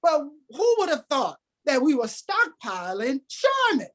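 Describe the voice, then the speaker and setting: A man's voice: very high-pitched, huge pitch swings, unhurried, fairly bright tone. Man, podcast guest, motivational speaking, emphatic, repeats phrases, preacher-like cadence.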